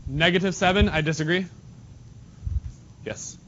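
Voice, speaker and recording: A man's voice: high-pitched, measured pace, fairly bright tone. A male math teacher leading a classroom lesson, casual and joking, calling on students by name. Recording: dull lo-fi classroom recording with faint noise.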